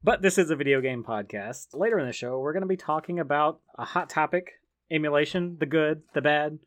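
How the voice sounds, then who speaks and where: A man's voice: a little high, fairly quick, fairly bright tone. A man hosting a video game podcast in casual chat, rambling and joking with his co-hosts and laughing often. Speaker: podcast host.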